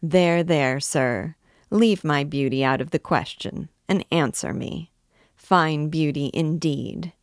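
A fretful young noblewoman, read aloud by a woman, presses her suitor with pleading, insistent questions. Her voice sits low. The recording is dry and close, with no room sound. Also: takes it slowly, no echo. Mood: anxious. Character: anxious young noblewoman in love.

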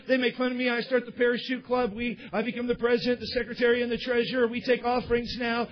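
Male preacher, high-pitched and husky, tells illustrations in a chatty, candid sermon; dull lo-fi sound. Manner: candid, conversational asides to the congregation. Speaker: pastor. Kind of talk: sermon with storytelling. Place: church service. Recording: dull lo-fi recording.

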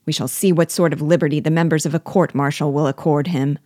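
A woman reading the part of a furious old plantation master who spits out savage threats. The voice stays low and dark, slightly raised in anger, and the recording is dry and close. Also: steady tone, fast talker, no room sound.

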